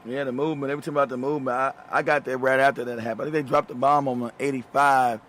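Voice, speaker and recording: A man's voice: medium pitch, little pitch movement, racing, fairly bright tone, a little hiss or hum. A man in his fifties hosting a show, telling loose, profane stories, laughing often and repeating himself as he goes. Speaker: show host. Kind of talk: casual storytelling monologue.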